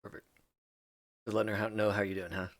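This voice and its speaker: Low-voiced man narrating as game master. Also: flat delivery, quick pace, dry recording, studio quality. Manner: loose, filler-heavy narration.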